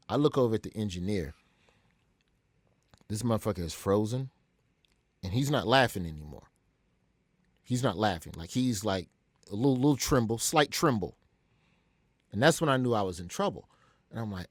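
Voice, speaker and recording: A man's voice: lowish voice, animated, moderate pace, pauses often, dry recording, clean studio sound. A male comedian from Alabama telling a story vividly as a guest in an interview.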